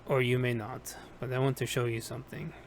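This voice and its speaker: A man's voice: medium pitch, little pitch movement, fairly quick, a little hiss or hum, natural voice. Man reading a stern Russian-accented woman captain. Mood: measured.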